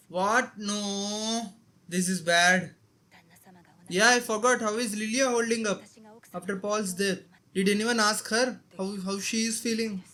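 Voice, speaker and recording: A man's voice: high voice, bright, forceful tone. A man with an Indian accent giving casual anime reaction commentary, talking back at the screen with strong emotion. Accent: Indian English.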